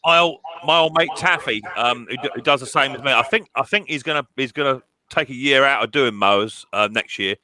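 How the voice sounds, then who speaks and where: A man's voice: medium pitch, a little fast, few pauses, bright, forceful tone. A middle-aged man in a casual chat, often restarting his words and teasing. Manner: stammering restarts, joking, teasing. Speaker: mower repairer.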